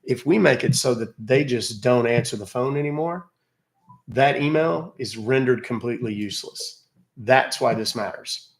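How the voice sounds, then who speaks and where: Creaky-voiced man chatting on a livestream. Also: mid-range voice, moderate pace. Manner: chatty, addresses viewers directly. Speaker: livestream scam-baiter host. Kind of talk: casual livestream chat.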